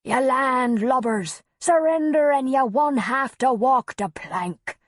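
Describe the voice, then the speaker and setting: A woman voicing a playful mother who plays a bellowing pirate in a bad Cockney accent, loud and theatrical. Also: high-pitched, takes it slowly, no room sound, studio quality, pitched above the performer's own voice. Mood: hammy threat. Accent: bad Cockney put-on.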